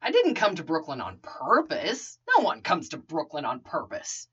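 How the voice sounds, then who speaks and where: Brief: sardonic exhausted rich man, woman reading, whiny quips, lively lilt. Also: deep voice, moderate pace, husky, dull audio, pitched below the performer's own voice, heavily acted. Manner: whiny, wisecracking.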